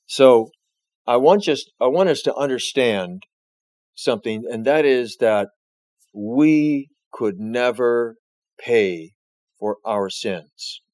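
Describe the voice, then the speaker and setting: A man preaching a sermon as pastor, reading scripture and explaining it with slow, emphatic rises. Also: mid-range voice, animated, darkish tone, no room sound.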